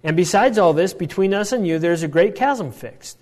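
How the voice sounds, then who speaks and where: A man's voice: high-pitched, expressive, normal speed, a little mellow, in a large hall. A man teaching a Bible passage, explaining step by step and checking in often with "all right" and "right?".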